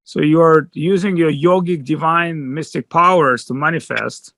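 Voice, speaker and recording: A man joining a video call, gushing with excitement to greet the teacher. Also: fairly high pitch, moderate pace, no echo. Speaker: caller.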